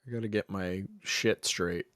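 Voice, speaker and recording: A man's voice: low-pitched, steady tone, normal speed, a bit bright, clear, resonant tone, dry recording, clean studio sound. A man narrating a tabletop game as dungeon master, casual and hesitant, with many fillers.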